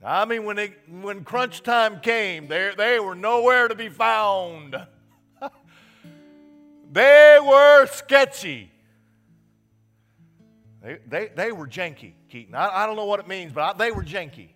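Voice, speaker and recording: A man's voice: high-pitched, expressive, normal speed, few pauses. Impassioned male pastor in a reverberant hall. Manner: impassioned, emphatic, repeats words for stress. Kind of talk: sermon. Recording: reverberant hall with soft guitar.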